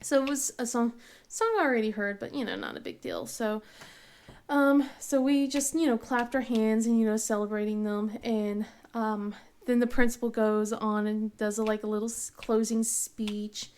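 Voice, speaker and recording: A chatty woman in her thirties with a slightly high voice, hosting her craft channel. She rambles through a casual story, full of fillers and restarts, breaking into laughs often. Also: lively intonation, normal speed, a little mellow. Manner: laughs often while telling.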